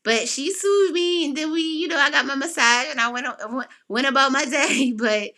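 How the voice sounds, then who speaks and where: Her voice is high and her pace moderate as she hosts a podcast. Chatting casually, she shares a personal story with animation and feeling, loudly acting out what people said.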